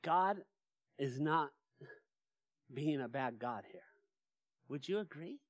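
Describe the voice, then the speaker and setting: Male pastor, lively sermon delivery, keeps quizzing the congregation; close, dry sound. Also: fairly high pitch, takes it slowly, no room sound. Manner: animated, asks the congregation rhetorical questions. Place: church sanctuary.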